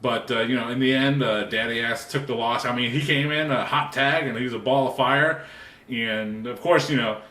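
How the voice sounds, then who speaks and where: A man's voice: mid-range voice, normal speed, bright, forceful tone. A man co-hosting a podcast, rambling and joking crudely in casual chat. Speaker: podcast co-host. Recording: echoey room, distant mic, faint noise.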